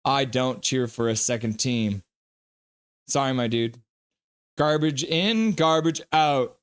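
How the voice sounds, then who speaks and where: A man's voice: medium pitch, slow, clean tone. A man hosting a live stream, playfully reading viewer comments aloud and answering them. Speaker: livestream host.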